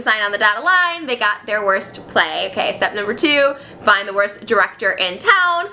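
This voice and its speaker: A woman retelling a film in a casual, animated and giggly way. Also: medium pitch, normal speed, few pauses, slight background noise.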